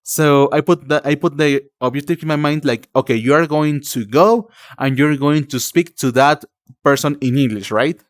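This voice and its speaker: A man's voice: fairly high pitch, moderate pace, no room sound, studio quality. Rambling Mexican-accented male streamer. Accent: Mexican Spanish. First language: Spanish. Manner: rambling, many fillers, calls viewers darling. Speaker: livestreamer. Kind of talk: casual chat with viewers.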